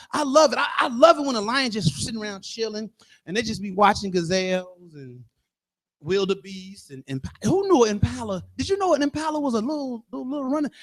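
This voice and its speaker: A man in his fifties performing live stand-up comedy in a bar, loud and animated, acting out characters as he goes. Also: extremely high pitch, a little fast. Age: 50s. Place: bar stage.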